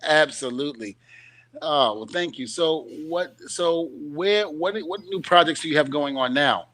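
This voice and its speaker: A man hosting a casual interview, telling stories in an animated, emphatic way. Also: on the high side, a little slow. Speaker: host.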